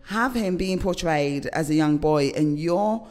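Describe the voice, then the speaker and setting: A man with a notably high voice hosts the interview, asking careful questions. He keeps the guest going with frequent short affirmations. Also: measured pace, a little mellow. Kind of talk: casual interview.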